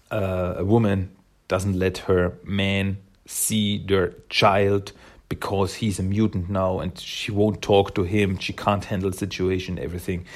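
A man with a lowish voice talks slowly through a comic book recap. He hesitates often and sounds emotionally moved by what he describes. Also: darkish tone. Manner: hesitant, emotional, many fillers and restarts. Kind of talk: casual spoken recap.

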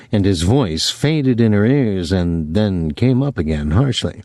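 A man narrating an audiobook in an expressive, measured reading. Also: on the low side, no room sound, studio quality.

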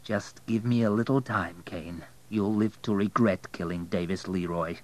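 A man's voice: sits low, steady tone, normal speed, lightly acted. A man reading the part of an ambitious young immigrant hotelier, speaking in an eager, pressing way.

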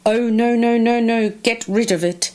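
A woman voicing a selfish, bossy male crocodile in a children's storybook reading, slow and emphatic. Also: lowish voice, darkish tone. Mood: relieved.

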